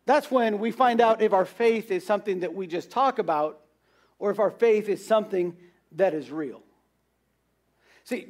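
A man's voice: sits high, darkish tone. A man preaching a sermon, earnest and repeating his points for emphasis.

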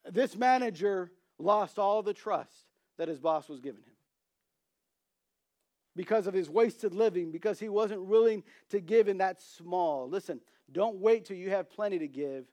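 A man's voice: high voice, a little slow. A man preaching a sermon, telling humorous stories and acting out the characters' voices. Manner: storytelling, acts out quoted voices, animated emphasis.

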